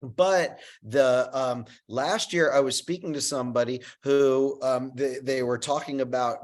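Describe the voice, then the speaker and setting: A man's voice: medium pitch, steady tone. A man hosting a webinar over a video call, talking with frequent fillers and restarts. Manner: halting, many fillers and restarts, laughs easily. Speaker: webinar host. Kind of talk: webinar talk.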